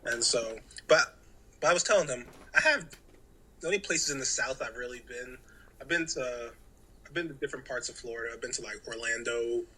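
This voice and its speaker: Bright-voiced laid-back male co-host. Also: medium pitch, brisk, a little hiss or hum, low-quality recording. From New York. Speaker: podcast co-host. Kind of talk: casual chat. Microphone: remote call mic.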